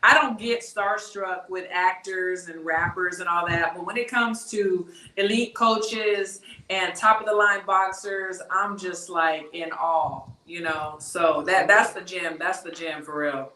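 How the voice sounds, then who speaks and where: A woman's voice: on the low side, a little slow, few pauses, bright, forceful tone. A woman from Texas, hosting a boxing talk show in a chatty, casual way that often repeats words as she starts a phrase. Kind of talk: casual interview chat. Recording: echoey room, distant mic.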